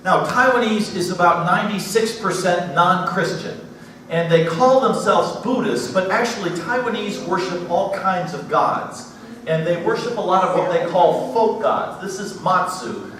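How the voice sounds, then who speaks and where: This missionary speaker has a high, fairly bright voice and a measured pace as he gives a warm slide presentation in a church sanctuary, chuckling at his own tales. Audio comes from a distant mic in an echoey hall, with faint hiss.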